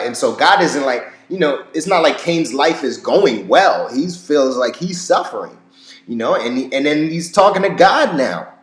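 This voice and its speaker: A man talks through scripture in loose, rambling commentary, leaning on fillers and the odd swear word. His voice sits at a middling pitch. The recording has the echo of a roomy space. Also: animated, normal speed. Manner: rambling, filler-heavy, profane. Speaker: religion commentator. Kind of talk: casual commentary lecture.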